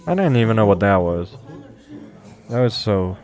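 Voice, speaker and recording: A man's voice: on the low side, big pitch swings, normal speed, a little mellow, faint music behind. A young man hosting a streamer podcast, chatting casually and rambling with lots of fillers and restarts. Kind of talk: casual chat.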